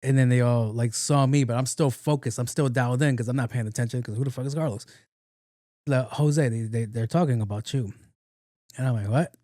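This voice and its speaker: A middle-aged man, hosting a podcast and telling casual stories, profane and animated, laughing often. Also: medium pitch, brisk, dry recording, studio quality. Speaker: podcast host. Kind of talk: casual storytelling monologue.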